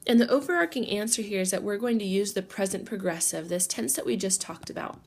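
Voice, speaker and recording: Woman teacher, patient step-by-step explainer, a touch of vocal fry, mid pitch. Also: fast, a little mellow. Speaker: Spanish teacher. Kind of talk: recorded classroom lesson.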